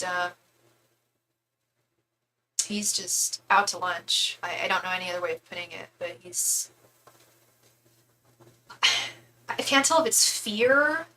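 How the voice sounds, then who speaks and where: A young woman chats through a live tarot reading in a bright, forward voice. She talks frankly and thinks aloud, often restarting her sentences. A faint hiss sits under the voice. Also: mid-range voice, rough recording. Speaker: tarot reader. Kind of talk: casual live-stream reading.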